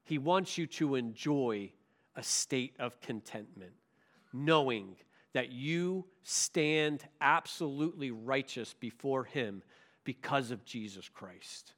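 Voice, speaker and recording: A man's voice: mid-range voice, slow pace, a bit bright. A male pastor preaching a sermon, emphatic and full of rhetorical questions.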